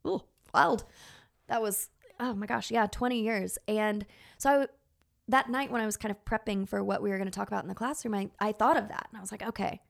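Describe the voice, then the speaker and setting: A woman's voice: mid-range voice, fairly even intonation, a little fast, vocal fry. A woman in her thirties, a teacher, telling a personal story in an earnest, emotional way with many fillers.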